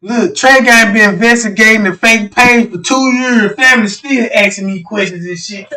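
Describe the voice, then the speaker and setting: A man's voice: sits high, moderate pace, hardly any pauses, sharp tone, recorded from a distance. A man doing a rambling, profane livestream rant, repeatedly asking his listeners whether they know what he's talking about. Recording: roomy echo, speaking away from the mic.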